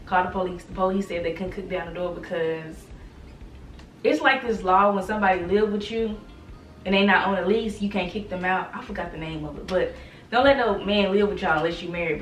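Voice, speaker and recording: A woman's voice: mid-range voice, a bit bright. A young woman telling her own life story in a candid, conversational storytime vlog, laughing now and then between lines. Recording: roomy echo, somewhat far from mic, faint room hiss.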